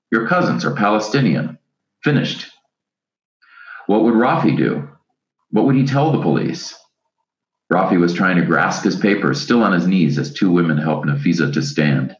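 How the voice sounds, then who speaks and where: A man with a very deep voice reads a novel aloud at a measured, unhurried pace, now and then correcting himself. The recording sounds roomy and somewhat dull. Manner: measured, unhurried reading with small self-corrections. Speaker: reader.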